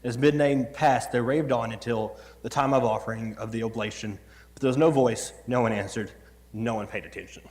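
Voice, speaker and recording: A man's voice: mid-range voice, fairly even intonation, brisk, darkish tone. Man preaching in a reverberant church. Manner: conversational, joking asides while reading scripture. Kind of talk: sermon. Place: church sanctuary. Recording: long church hall reverb.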